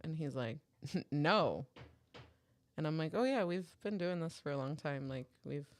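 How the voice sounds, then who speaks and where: A woman's voice: deep voice, normal speed. A woman co-hosting a podcast, telling a story in casual chat, swearing freely and acting out what each person said. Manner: animated, swearing, acts out dialogue. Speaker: podcast co-host.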